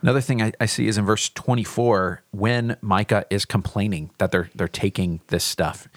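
A man with a fairly low voice guides a podcast Bible discussion as a pastor. He thinks aloud and often circles back and restarts his sentences. The sound is dry and close, with no room around it. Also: steady tone, moderate pace, no room sound.

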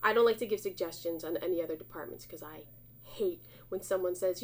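A woman hosting a casual chat, a set decorator by trade, talking in a lively way, acting out quoted lines and laughing often. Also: fairly low pitch, fairly quick. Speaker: podcast host, set decorator.

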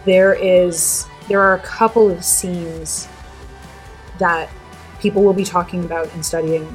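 Woman podcast guest, lower register, earnest film chat, light music underneath. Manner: animated, earnest, talks at length. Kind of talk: casual film discussion.

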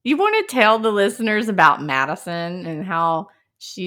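A woman's voice: on the low side, sing-song, normal speed, few pauses, pushed and bright. A woman co-hosting a podcast, recapping in chatty, gossipy casual talk. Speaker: podcast co-host. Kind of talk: casual chat.

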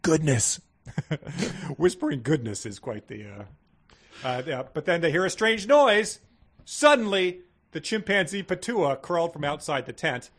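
A man co-hosting a casual podcast, retelling a book's plot and loudly acting out its quoted lines. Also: a little high, big pitch swings, measured pace, breathy edge. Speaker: podcast co-host. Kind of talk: casual chat retelling a book.

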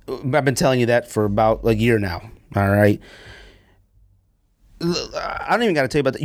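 A man hosting a casual sneaker podcast, ranting with sarcasm and sudden high-pitched bursts of emphasis. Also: dry recording, studio quality. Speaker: podcast host.

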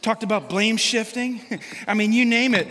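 A man preaching a sermon as pastor, animated and humorous, acting out quotes from everyday life. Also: sits high, normal speed, long reverb tail.

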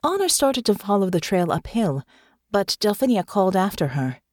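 A medium-pitched woman reads scripted audiobook narration, telling the story with expression and careful pacing. The sound is dry and of studio quality.

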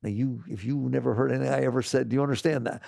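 A man teaching spiritual ideas to a live audience, rhetorical and animated, constantly asking the listeners questions. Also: mid-range voice, rapid-fire, gravelly, no echo, clean studio sound. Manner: animated, slips into mocking quoted voices.

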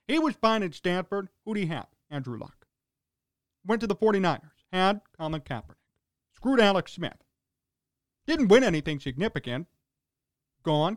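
A man's voice: sits high, no echo. A man hosting a sports talk radio show, ranting in a sarcastic, exasperated way in short punchy fragments.

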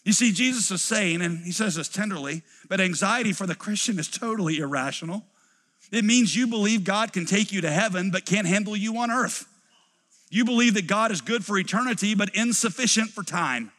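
A middle-aged man preaching a sermon as a pastor, acting out quoted voices and then dropping to quiet emphasis. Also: high-pitched, lively intonation, a little fast. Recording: preached in a large reverberant hall.

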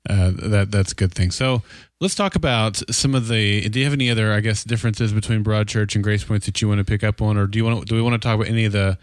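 Podcast co-host, man, lowish voice, dry sound, halting and repetitive delivery. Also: no echo. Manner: hesitant, repeats words. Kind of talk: casual TV discussion.

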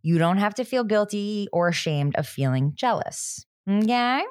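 A woman's voice: mid-range voice, lively intonation, moderate pace, a little mellow, smooth, no room sound. Sarcastic woman with a dry close sound. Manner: jokey, sarcastic, swears casually. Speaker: podcast co-host. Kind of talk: casual chat recapping a TV show.

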